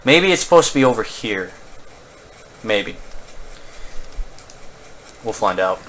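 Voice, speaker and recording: A man's voice: fairly low pitch, sing-song, slow pace, fairly bright tone. A man hosting a casual let's play, rambling and joking in self-mocking asides while he plays. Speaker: gaming channel host.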